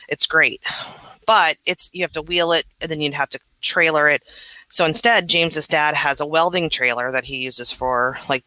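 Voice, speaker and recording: A woman co-hosting a podcast, venting in a casual chat as an animated storyteller. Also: deep voice, no room sound, poor audio. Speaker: podcast co-host.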